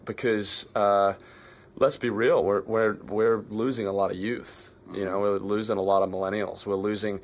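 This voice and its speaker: A man's voice: lowish voice, fairly quick. A man with an Australian accent, a musician answering in a backstage interview, pressing and repeating his points with urgency. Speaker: musician guest. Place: backstage at a concert venue.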